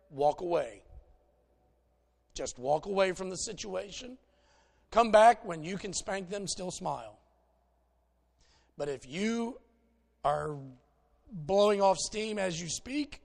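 A man's voice: sits high, gravelly. A man preaching a conversational sermon in a folksy, plainspoken way, telling stories to make his points.

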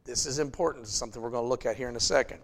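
A man preaching a sermon in a conversational way, checking in with "okay?" and building up to loud, emphatic passages. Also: medium pitch, rapid-fire, creaky. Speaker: pastor.

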